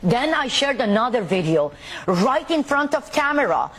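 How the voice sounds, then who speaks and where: A woman from the Middle East, an activist interviewed on the news, speaking forcefully and insistently. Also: on the high side, sing-song, moderate pace, breathy edge. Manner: forceful, insistent, listing examples. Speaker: activist guest.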